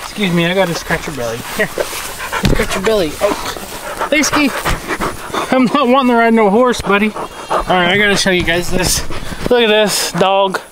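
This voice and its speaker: A man's voice: high voice, a little fast, heavy background noise. A man, a farmer vlogging casually outdoors and chatting with his dogs. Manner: easygoing, chats with his dogs. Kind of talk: casual vlog narration. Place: outdoors on a farm.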